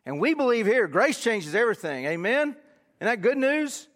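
A man preaches a sermon to his congregation in a high voice. He swings between loud, urgent lines and hushed, quiet stretches. His words carry a long reverb through a large church hall. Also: big pitch swings, moderate pace. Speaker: pastor.

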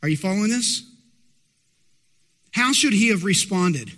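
A man's voice: high-pitched, lively intonation, a little slow, a bit bright. Guy preaching with lots of punch, big church hall with long echo. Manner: emphatic, asks the congregation rhetorical questions. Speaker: pastor. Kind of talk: sermon.

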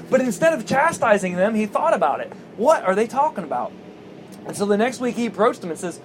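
Male pastor, higher voice, animated sermon delivery with faint traffic hum behind. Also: a little fast, poor audio. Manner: animated storytelling, acting out quoted voices.

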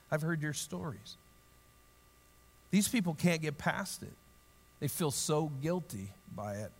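A man preaching a sermon in a lively, humorous way, acting out the story in voices and then dropping into quiet, earnest reflection. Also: big-room sound. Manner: drops to a low, quiet, earnest tone. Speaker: pastor.

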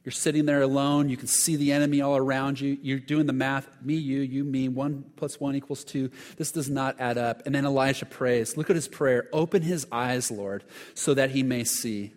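A man's voice: mid-range voice, little pitch movement, a little fast, hardly any pauses, darkish tone, in a large hall. A man preaching a sermon, telling stories earnestly with frequent restarts and repeated words. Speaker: pastor.

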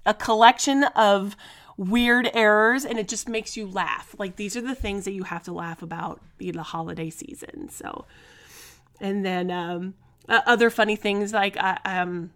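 Brief: talkative woman podcaster, casual storytelling, frequent laughs, average pitch. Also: fairly even intonation, a little slow, fairly bright tone. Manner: chatty, laughing often, many fillers. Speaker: podcast host.

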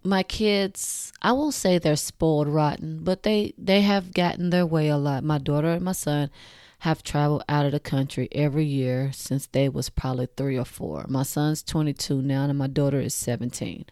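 A woman in her forties hosts a casual talk, speaking bluntly and swearing freely straight to her listeners. Her voice sits low and mellow. The recording is dry and close. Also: steady tone, moderate pace, no echo. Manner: laughs at her own jokes. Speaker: podcast host.

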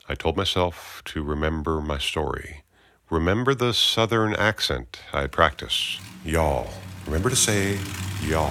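A man's voice: extremely low pitch, sharp tone, dry recording. A man narrating a first-person heist story, breaking into wry, self-mocking asides to himself.

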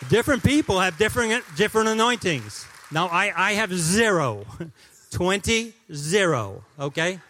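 Male guest pastor, 50s, preaching in church: humorous, animated, fairly high-pitched, loud-to-soft swings. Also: measured pace, some chatter behind, a little hiss or hum. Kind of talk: sermon. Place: church sanctuary.

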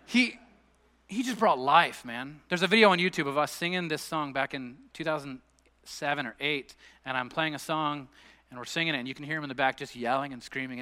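Pastor guy preaching in a church, bright forceful voice, kinda high, big echoey hall. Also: fast. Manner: conversational storytelling preacher, rising to emphatic peaks. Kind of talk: sermon. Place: church sanctuary. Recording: long hall reverb.

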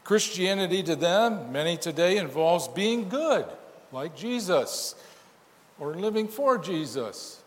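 A man's voice: high-pitched, sing-song, slow, big-room sound. A man preaching a sermon as pastor, emphatic and full of rhetorical questions.

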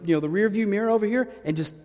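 A man preaching as a pastor, telling a personal story in an animated, joking way. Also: high voice, racing. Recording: echoey hall.

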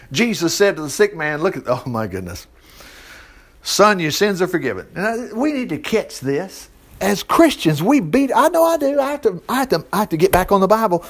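A man preaching in a folksy way, reading scripture aloud and breaking off into joking asides. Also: fairly high pitch. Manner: folksy, animated, reads scripture then riffs with jokes and laughs. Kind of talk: conversational Bible teaching with asides.

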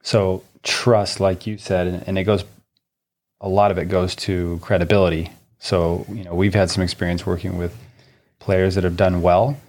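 A man with a very deep voice speaks as co-host of a casual podcast. He is a tennis coach who backs up his partner and adds his own points. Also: level tone, darkish tone. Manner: agreeable, quick to back up his co-host.

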